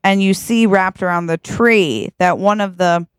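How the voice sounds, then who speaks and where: A woman's voice: mid-range voice, a little slow, clear, resonant tone, no echo, clean studio sound. A woman co-hosting a podcast, improvising a silly romantic story with a giggly, playful manner and quoted voices. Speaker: podcast co-host.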